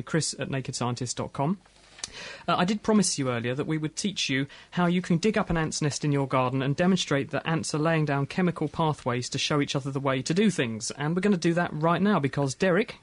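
A man hosting a radio science show in a studio, quick, jokey and energetic. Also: on the high side, no room sound. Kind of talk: lively radio chat.

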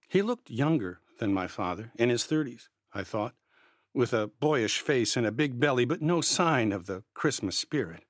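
A man's voice: medium pitch, animated, moderate pace, no room sound, clean studio sound. Man reading a first-person story. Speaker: narrator.

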